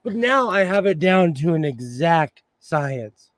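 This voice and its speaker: Taking his time in a sing-song voice, a middle-aged Pennsylvanian chats with his sewing livestream audience, greeting people by name and laughing easily. The voice sits a bit high for a man and sounds slightly hoarse, like he's under the weather, in a close, dry recording.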